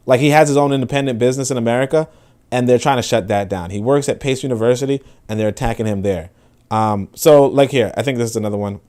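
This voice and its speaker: A male commentator of middling pitch talks loosely about clips he is watching. He rambles, swears freely and fills his sentences with filler words. The tone is casual and offhand throughout. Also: darkish tone.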